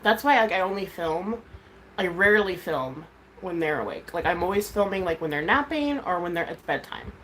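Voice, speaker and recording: Candid rambling mom on a livestream. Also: female voice, fairly low pitch, expressive, moderate pace, fairly bright tone, slight background noise, poor audio. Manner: rambling, candid, swears freely. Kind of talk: casual livestream chat.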